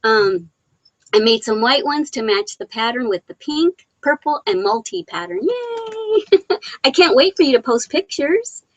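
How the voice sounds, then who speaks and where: A woman's voice: a little high, lively intonation, moderate pace, no echo, dull audio. A middle-aged woman hosting a casual live stream from home over a laptop mic, reading viewer comments, laughing often and sounding teary, close to crying. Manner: giggly, laughs often between sentences. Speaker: live Q&A host. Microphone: laptop microphone.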